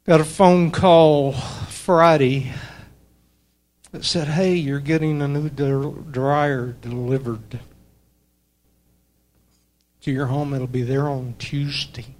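An older man, a church member, giving a personal testimony in an earnest, halting way with many fillers. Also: on the high side, steady tone, darkish tone. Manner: earnest, pauses often with fillers. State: emotional, voice breaking.

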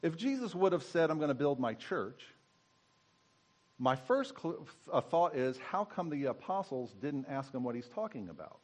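A man's voice: fairly high pitch, sing-song, normal speed, a little mellow. A man giving a conversational sermon as pastor, teaching and asking his congregation questions.

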